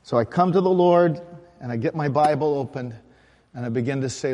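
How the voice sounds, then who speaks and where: Pastor preaching in a reverberant church hall. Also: male voice, mid-range voice, a little fast, dark tone. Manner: conversational, asks the congregation questions. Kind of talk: sermon. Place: church sanctuary.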